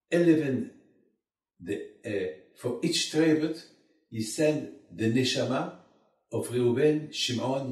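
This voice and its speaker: A rabbi gives a Torah sermon in a mellow, medium-pitched voice, emphatic and full of rhetorical questions, calling listeners "my friend." He's in a community study hall, recorded roomy and far off the mic.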